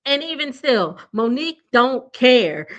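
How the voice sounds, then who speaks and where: A woman's voice: sits high, big pitch swings, slow pace, a bit bright, muffled recording. A young adult woman, giving a casual, blunt TV recap that is chatty and full of laughter. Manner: chatty and blunt, laughing often, addressing viewers as y'all. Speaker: TV recap vlogger.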